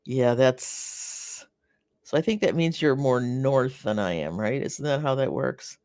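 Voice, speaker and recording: A North American host chats slowly through a live garden stream, with a gravelly, creaky edge to the voice. The talk rambles and stalls on fillers and restarts, warm-hearted toward viewers writing in. The sound is close and dry, with no room around it. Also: mid-range voice, no room sound. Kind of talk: casual live-stream chat reading viewer comments.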